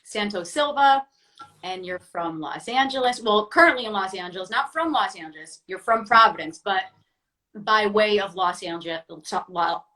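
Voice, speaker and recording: A woman's voice: mid-range voice, expressive, normal speed, pushed and bright, echoey room. A woman hosting a live-streamed interview show, upbeat and chatty, laughing often. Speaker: host.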